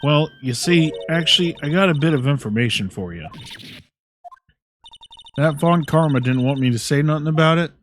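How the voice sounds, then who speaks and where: A man's voice: on the high side, moderate pace, long pauses, slight background noise, lightly acted. A man voicing a brash young Southern woman photographer with a put-on drawl, folksy and fond of bargaining. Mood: wheeling-dealing. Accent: American Southern, put on.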